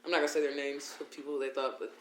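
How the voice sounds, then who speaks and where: A man guest, a wrestler, telling stories in a casual podcast chat and acting out the people he quotes. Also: fairly high pitch. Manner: animated, quick, acts out quoted voices. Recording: roomy with faint noise.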